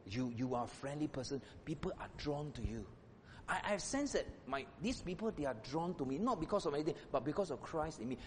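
Pastor, male, fairly high voice, preaching with passion, long church reverb, faint rumble. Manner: impassioned preaching, swinging from loud exclamations to hushed asides. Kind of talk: sermon. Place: church hall.

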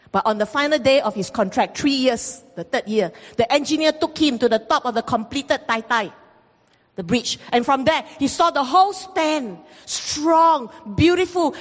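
A woman pastor preaching a sermon, telling stories in an animated way and acting out the voices in them. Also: high-pitched, normal speed. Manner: animated storytelling, acts out quoted voices, repeats phrases. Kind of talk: sermon with storytelling. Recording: long reverb from a hall.

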